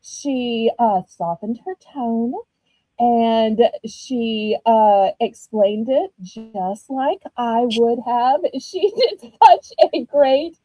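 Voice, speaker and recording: A woman with a Southern US accent, chatting casually while running a live-stream auction, animated and full of ums. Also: fairly high pitch, extremely slow, no room sound, low-quality recording.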